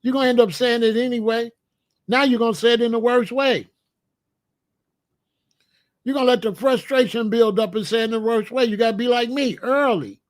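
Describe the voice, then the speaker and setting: A man's voice: extremely high pitch, fairly quick, pauses often. A man hosting a casual talk show and giving blunt, joking advice on marriage, acting out little scenes as he goes. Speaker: host.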